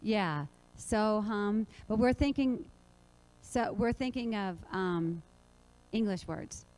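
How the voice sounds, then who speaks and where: A woman presenting a kids yoga workshop at a conference, lively and putting questions to the audience. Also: mid-range voice, slow, poor audio.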